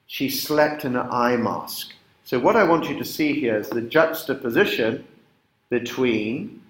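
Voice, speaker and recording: A male literature teacher lectures a class on a poem, reading quoted lines with slow emphasis. He keeps checking in with his class through tag questions. His voice sits at a middling pitch and carries a roomy classroom echo. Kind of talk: classroom poetry lesson.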